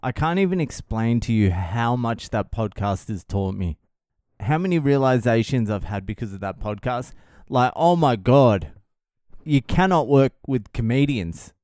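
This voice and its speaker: A man's voice: medium pitch, animated, measured pace, a little mellow, no echo, clean studio sound. An Australian man hosting a podcast, delivering a profane, exasperated solo rant. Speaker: podcast host.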